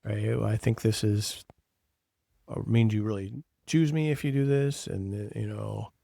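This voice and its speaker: A man with a gravelly, fry-edged voice, talking casually as a podcast co-host and coach. He recounts sessions with clients, acting out both sides of the exchange. The sound is dry and close, with no room around it. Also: on the low side, unhurried, dry recording. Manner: tells coaching stories with lively quoted dialogue.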